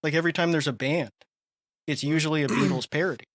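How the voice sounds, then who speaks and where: A man co-hosts a talk show and chats eagerly about pop culture. His voice sits a little high. It sounds dry and close to the mic. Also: fast, a bit bright, no room sound. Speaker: podcast co-host. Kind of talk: casual chat.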